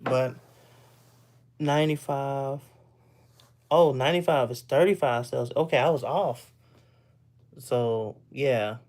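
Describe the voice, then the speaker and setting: A man's voice: mid-range voice, takes it slowly, long pauses, darkish tone. A man from Texas, chatting casually with viewers on a live stream, rambling and repeating words as he talks. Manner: loose and rambling, repeats words, laughs often.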